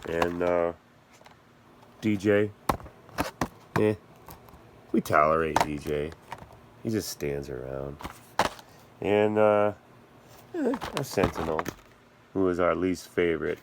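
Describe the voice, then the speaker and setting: A man's voice: low voice, animated, slow pace, pauses often, background noise. A man hosting a casual vlog about his action figures, rambling and joking and often losing his train of thought. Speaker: channel host reviewing toy action figures.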